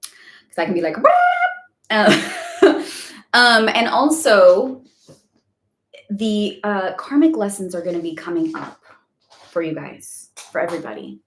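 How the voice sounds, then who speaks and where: A woman's voice: mid-range voice, animated, a little slow, pauses often. A woman hosting a casual live spiritual Q&A, chatty and rambling with lots of fillers. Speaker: spiritual guidance host. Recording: echoey room.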